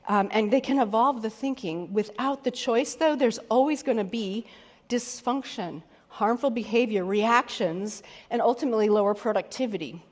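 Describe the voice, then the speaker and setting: A woman executive coach giving a motivational keynote talk in a candid, conversational way, swearing casually now and then. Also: fairly high pitch. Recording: long hall reverb.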